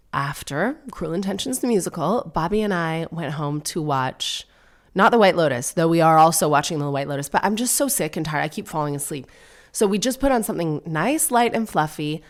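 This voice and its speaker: A woman in her thirties hosting a podcast, chatting casually and sardonically, with mocking put-on voices. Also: low voice. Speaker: podcast host. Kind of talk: casual solo comedy chat.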